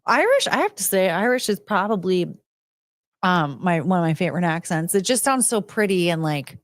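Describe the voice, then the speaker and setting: On a close, dry mic, a female podcast host muses aloud in loose, rambling chat. Her fairly low voice has a sing-song lilt at a normal pace, and she thinks out loud through rhetorical questions.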